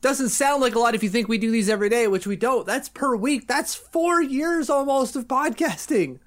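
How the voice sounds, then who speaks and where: A man co-hosting a casual sports podcast, animated and joking with his partner. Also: very high voice, moderate pace. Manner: animated, jokey, reads ad copy. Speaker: podcast co-host.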